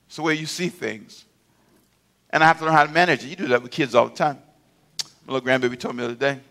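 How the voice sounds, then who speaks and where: A man's voice: fairly high pitch, pushed and bright. An older man preaching a sermon, rising in emphasis and calling for answers from the congregation. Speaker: pastor.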